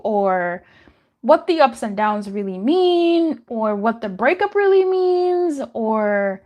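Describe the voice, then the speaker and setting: A woman's voice: fairly high pitch, animated, slow pace, a little mellow. A young adult woman giving a casual live-stream tarot reading, chatty and laughing often, with frequent swearing. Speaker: tarot reader.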